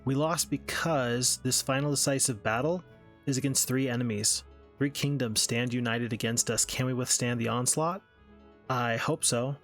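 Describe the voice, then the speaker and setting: A man's voice: medium pitch, moderate pace, a bit bright, soft background music. Easygoing man narrating his strategy game. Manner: thinking aloud, easygoing and self-mocking. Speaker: gaming channel host. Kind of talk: let's-play commentary.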